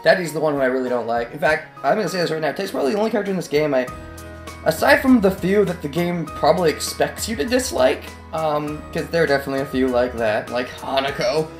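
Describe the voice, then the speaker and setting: A man's voice: fairly high pitch, expressive, fast talker, soft background music. Chatty sarcastic gamer man. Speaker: let's play host. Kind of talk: casual gameplay commentary.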